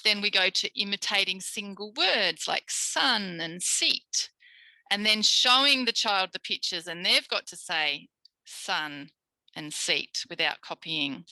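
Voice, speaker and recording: A woman with an Australian accent leads a live online speech therapy tutorial. Her voice is very bright and sits close on a dry, unreverberant mic. She models single sounds and cheers her listeners on like small children. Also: mid-range voice, animated, normal speed, no room sound, poor audio. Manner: demonstrates speech sounds, coaxing and praising like with young children. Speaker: speech pathologist teaching a tutorial.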